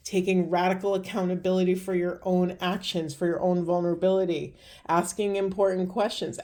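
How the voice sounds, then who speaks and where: A woman giving a spiritual card reading to her viewers, speaking slowly and earnestly with many pauses and restarts, moved close to tears. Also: fairly low pitch, dark tone. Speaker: tarot and oracle reader.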